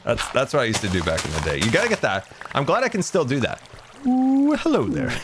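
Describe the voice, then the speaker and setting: A man's voice: medium pitch, wildly swooping pitch, fast talker, noisy background. A man in his thirties streaming a game, chatting playfully with a friend and putting on a theatrical tone now and then. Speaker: Minecraft streamer. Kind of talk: casual gaming stream chat.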